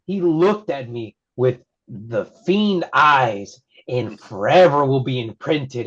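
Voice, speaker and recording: A man from Texas, a wrestling referee and podcast guest, telling stories in a casual interview and acting out quotes in a high voice. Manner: excitable storyteller who acts out quotes in a high voice. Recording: slightly muffled lo-fi audio.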